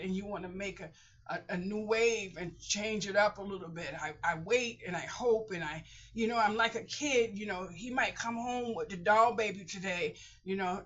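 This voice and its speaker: A woman's voice: mid-range voice, a bit bright. A woman talking candidly in a personal vlog, blunt and emotional, rambling and repeating herself. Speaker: vlogger. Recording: dull lo-fi audio.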